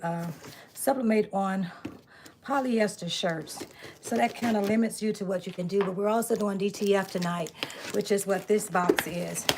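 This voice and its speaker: A chatty woman hosts a casual craft live stream from her home workspace. She talks loosely and warmly with viewers, greeting them by name and asking them to subscribe. A faint hiss sits under the phone recording. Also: medium pitch. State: out of breath. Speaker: live-stream host making t-shirts.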